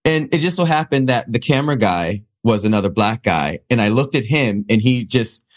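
A man hosting a podcast, telling stories in a lively way and acting out the other people's voices. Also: mid-range voice, moderate pace. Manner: animated storyteller, acts out quoted voices. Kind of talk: casual podcast chat.

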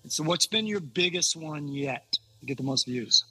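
Bright, husky-voiced male comedian host. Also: a little high, expressive, moderate pace, poor audio. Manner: laughs often, eager interviewer. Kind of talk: casual podcast chat.

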